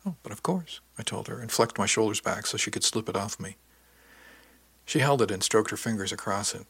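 Husky low-voiced man narrating. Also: steady tone, fairly bright tone, no echo. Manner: measured, intimate storytelling. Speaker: podcast audiobook narrator. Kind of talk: scripted first-person narration.

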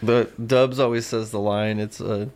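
A man's voice: fairly low pitch, steady tone, unhurried, darkish tone, smooth. A man chatting casually as a podcast co-host, laid-back and quipping. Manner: laid-back, quips and mimics movie lines. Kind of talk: casual chat.

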